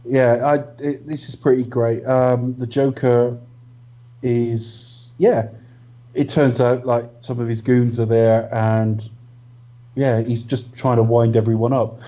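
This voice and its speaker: A man's voice: mid-range voice, level tone, takes it slowly, warm tone. A man co-hosting a podcast, explaining film scenes in thoughtful, casual chat. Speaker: podcast co-host. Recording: muffled lo-fi mic.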